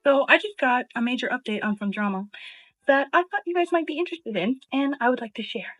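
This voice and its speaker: A woman's voice: sits high, brisk. A woman casually telling a story to her viewers in a chatty way, acting out each person's lines. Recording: tinny phone-like sound.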